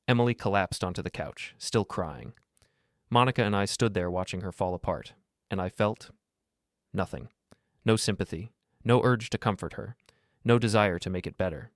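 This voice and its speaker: Brief: man, low voice, dry close recording, steady story narrator. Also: normal speed, no echo. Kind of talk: scripted first-person story narration.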